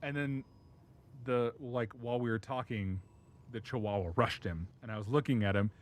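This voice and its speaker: A man's voice: mid-range voice, normal speed. A man streaming and telling a rambling dog story, laughing often and swearing freely. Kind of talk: casual chat.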